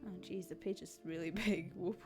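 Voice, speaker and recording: A woman's voice: on the low side, fairly even intonation, moderate pace, music in the background. A woman chatting casually on a live art stream, giggling often as she playfully answers chat while she draws.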